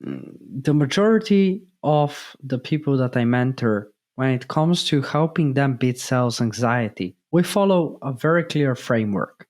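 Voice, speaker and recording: A man's voice: medium pitch, animated, moderate pace, hardly any pauses, darkish tone. A man giving a motivational talk as a sales mentor, emphatic and repetitive, often checking in with "okay?". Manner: emphatic, repeats key points, asks "okay?".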